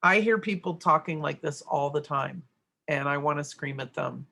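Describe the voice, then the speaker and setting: A middle-aged woman walks through a grammar worksheet lesson, explaining each answer step by step and often checking in with "right?". Her voice has a gravelly edge and a bright, forceful tone. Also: sits low, moderate pace. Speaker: teacher.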